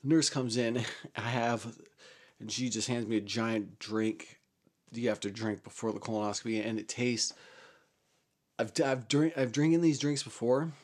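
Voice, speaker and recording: A man at an ordinary middle pitch tells a personal story in a loose, casual way. He swears freely, trips over his words and restarts often, and chuckles now and then. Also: steady tone, moderate pace. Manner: rambling, profane, with frequent restarts and chuckles.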